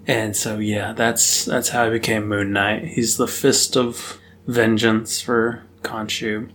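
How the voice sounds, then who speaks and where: A man's voice: fairly low pitch, little pitch movement, takes it slowly, a bit bright, a little hiss or hum. A man co-hosting a casual podcast recap, rambling and hesitant, correcting himself as he goes. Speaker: podcast co-host recapping a show. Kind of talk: casual chat.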